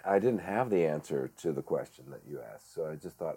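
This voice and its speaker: Guest: middle-aged man with a very deep voice, halting and reflective, lots of fillers. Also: lively intonation, warm tone, breathy edge. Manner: halting, many fillers and restarts. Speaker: guest, director and actor. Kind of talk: reflective storytelling.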